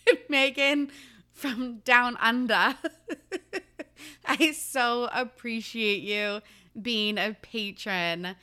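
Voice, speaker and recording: A woman's voice: mid-range voice, pushed and bright, clean tone. A young woman from the Pacific Northwest hosting her podcast, chatty and laughing often, with casual swearing. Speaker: podcast host. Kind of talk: casual chat.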